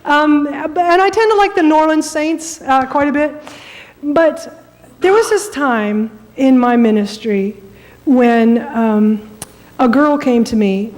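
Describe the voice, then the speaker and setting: A woman pastor preaching a sermon, telling a story in a conversational, animated way. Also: sits high, takes it slowly. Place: church sanctuary. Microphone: microphone that cut out. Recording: echoey hall, voice from far off.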